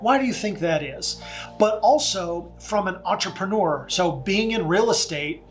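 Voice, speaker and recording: A man's voice: sits high, animated, measured pace, faint music behind. A man working as a real estate agent, talking in a chatty, folksy vlog manner with slangy asides. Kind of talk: casual vlog.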